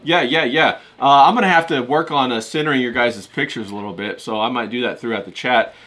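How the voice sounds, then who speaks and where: A man's voice: medium pitch, brisk, bright, forceful tone. A man hosting a casual chat on a video call, asking curious questions of his guests. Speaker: host.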